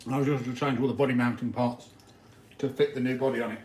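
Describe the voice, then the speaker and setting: A man hosting a casual livestream, chatty and rambling, who answers viewer comments between bites. His voice sits at a middle pitch. The room gives it a noticeable echo with a faint hiss behind it. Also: steady tone, fast, a little mellow. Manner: chatty, rambling, talks while eating. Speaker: RC hobby livestream host. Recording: echoey room with faint noise.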